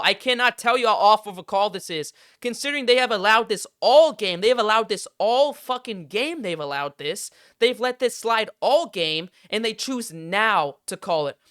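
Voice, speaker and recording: A man's voice: sits high, fairly bright tone, no room sound, studio quality. A young man hosting a sports podcast, ranting heatedly and with plenty of swearing. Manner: heated, profane, exasperated ranting. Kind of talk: casual sports rant.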